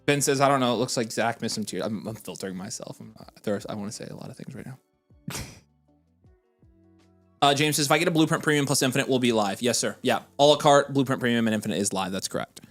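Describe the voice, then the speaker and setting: A man co-hosting a casual fantasy football livestream, reading chat aloud in an animated, excitable way. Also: mid-range voice, soft background music. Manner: animated and excitable, quick to vent frustration.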